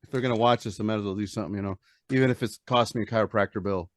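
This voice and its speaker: A man's voice: fairly low pitch, fairly even intonation, rapid-fire. A man in a casual podcast chat, joking, upbeat and profane.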